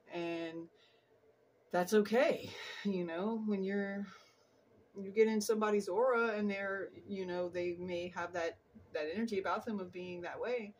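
A woman's voice: medium pitch, a little hiss or hum. A woman giving a casual tarot reading at home in her apartment, earnest and rambling, often restarting her sentences. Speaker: tarot reader.

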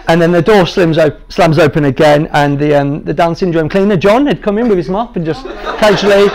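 Man, thirties, slightly high gravelly voice, light self-mocking storyteller to a room of trainees. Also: a little fast, hardly any pauses, a crowd in the background. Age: 30s. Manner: jovial, self-deprecating, makes light of things. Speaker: guest speaker sharing his patient story. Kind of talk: humorous personal storytelling to a training group.

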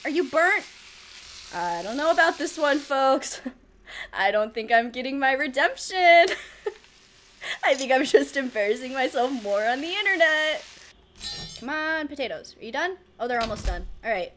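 A woman's voice: sits high, very animated, normal speed, fairly bright tone, a little hiss or hum. A woman giving casual gameplay commentary, flustered and self-mocking, laughing often. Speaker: let's play gamer.

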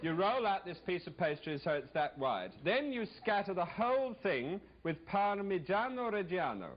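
In a TV studio kitchen, a man hosts a cooking show, demonstrating a recipe in a chatty, jokey, rambling way with playful asides to a live audience. His voice is high-pitched with big pitch swings at normal speed, on a dull lo-fi vintage TV recording.

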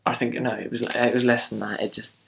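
A man rambles through a film review in a loose, repetitive rant. His voice carries a gravelly fry at a middling pitch. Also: flat delivery, fairly quick, a bit bright, a little hiss or hum. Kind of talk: casual video review.

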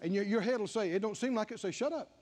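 A man's voice: high voice, quick pace, a little mellow. An older man preaching a sermon and acting out back-and-forth dialogue, building to emphatic declarations.

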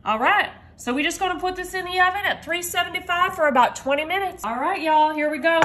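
A woman's voice: very high voice, fast talker, few pauses, sharp tone, slight background noise. A woman hosting a casual home cooking demo, chatty and upbeat, calling her viewers y'all. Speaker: home cook host.

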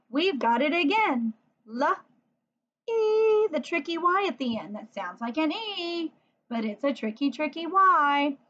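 Animated high-voiced woman teaching phonics. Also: dull audio. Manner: sounds words out slowly, letter by letter; encouraging, asks the listener questions. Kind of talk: phonics lesson for young children.

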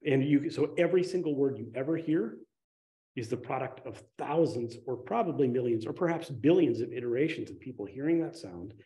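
Lively, mellow-voiced man giving a dharma talk. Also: medium pitch, fairly quick. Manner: conversational, animated storytelling with sudden excited rises. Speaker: meditation teacher.

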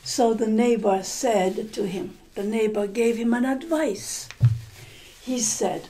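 A woman's voice: on the high side, slow, warm tone. A woman language teacher retelling a story for learners. She stops to explain and repeat words and checks in with "okay?". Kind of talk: story-listening lesson, retelling a story.

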